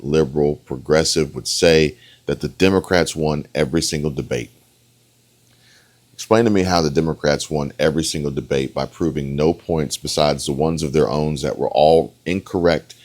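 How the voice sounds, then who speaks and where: A man with an extremely low, deep voice talks through a debate clip in an opinionated, meandering way. He keeps tossing in "okay?" to drive each point home. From United States. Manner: opinionated, rambling, punctuates with "okay?". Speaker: online political commentator. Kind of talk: reaction commentary on a debate clip.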